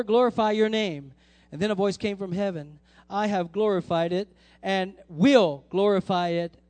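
A man's voice: a little high, warm tone, dry recording. A male pastor preaching a sermon to his congregation, emphatic and repeating key lines for effect. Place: church sanctuary.

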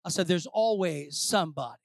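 A pastor preaching a sermon, swinging between shouted declarations and low, quiet asides. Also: male voice, fairly quick, gravelly, dry recording, clean studio sound.

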